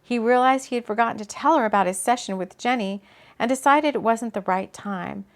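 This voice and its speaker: A woman, an author, reading her own book aloud in a relaxed way, breaking off for casual asides. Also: fairly high pitch, fairly quick. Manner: chatty, laughs at her own slips and comments mid-reading.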